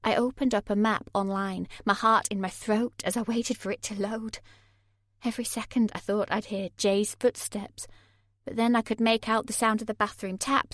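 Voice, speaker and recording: A woman narrating a thriller audiobook in the first person, measured and tense. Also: mid-range voice, fairly even intonation, no room sound, studio quality.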